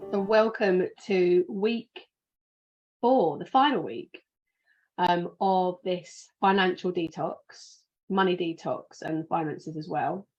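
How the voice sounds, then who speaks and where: A woman's voice: on the low side, slow pace, a little mellow, dull audio, soft background music. A sleepy British woman hosting a podcast, talking in a casual, rambling way and often restarting her sentences. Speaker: podcast host.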